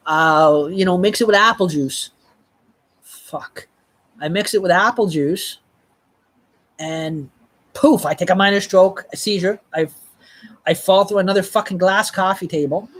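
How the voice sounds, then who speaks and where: A live streamer telling a personal story in a rambling, halting way, with frequent restarts and blunt swearing. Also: medium pitch.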